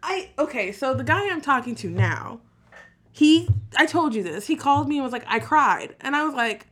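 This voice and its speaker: Woman podcast cohost, high bright voice that jumps all over, laughs and swears a ton. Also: moderate pace. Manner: laughs often, swears freely, animated storytelling. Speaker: podcast co-host. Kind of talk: casual chat.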